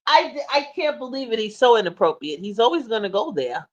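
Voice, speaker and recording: A woman's voice: on the high side, very animated, a little fast, muffled recording. A woman co-hosting a casual online chat, teasing and giggly.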